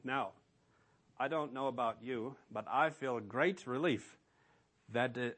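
A man's voice: medium pitch, slow, pauses often, fairly bright tone. A man preaching a sermon as pastor, emphatic and asking rhetorical questions of his listeners.

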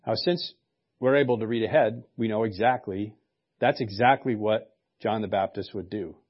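A man's voice: lowish voice, moderate pace, lo-fi sound. A male pastor preaching a sermon in a conversational way, with joking asides.

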